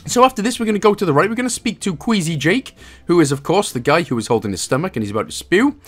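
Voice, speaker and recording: Welsh guy doing a game walkthrough, kinda high voice, jokes around and chuckles between steps. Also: sing-song, quick pace, fairly bright tone. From Wales. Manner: jokey, chuckling asides between instructions. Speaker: gaming guide host.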